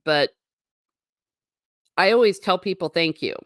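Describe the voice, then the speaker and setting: A woman hosting a casual livestream, reading out viewer comments and answering them in an animated, sarcastic way with blunt asides. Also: fairly low pitch, a little slow, no echo, studio quality. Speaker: host.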